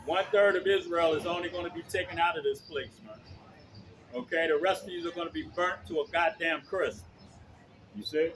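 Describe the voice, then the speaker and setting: A man preaching outdoors on the street, loud and blunt, swearing and checking in with his listeners again and again. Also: fairly high pitch, normal speed, background noise. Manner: loud, blunt, profane, keeps asking "okay?".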